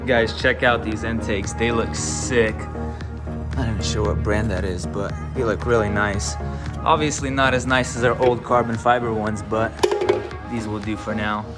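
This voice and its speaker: A man's voice: fairly low pitch, steady tone, moderate pace. A man casually narrating his car rebuild as he works, keen and explaining each step in a garage. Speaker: car build vlogger. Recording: background music playing.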